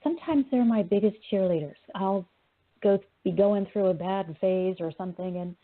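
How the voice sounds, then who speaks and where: Spiritual host, woman, husky and breathy, earnest, quick to laugh, heard over a thin phone-like line. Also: medium pitch. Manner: earnest, laughs often while telling a story. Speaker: spiritual teacher and show host. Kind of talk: casual spiritual chat.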